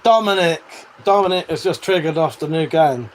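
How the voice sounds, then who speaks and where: A chatty British man hosting a casual livestream, his voice sitting a touch higher than most men's. He swears freely and laughs often, with a faint fan hum behind him. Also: animated, moderate pace. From United Kingdom. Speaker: livestream host. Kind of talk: casual livestream chat reading viewer comments.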